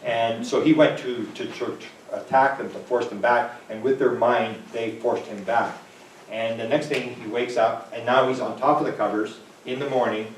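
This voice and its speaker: A man's voice: medium pitch, steady tone, moderate pace. A man from Manitoba, Canada, giving a rambling, conversational talk, acting out the voices in his stories. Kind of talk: rambling lecture storytelling. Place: talk venue room. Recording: roomy distant mic with faint background noise.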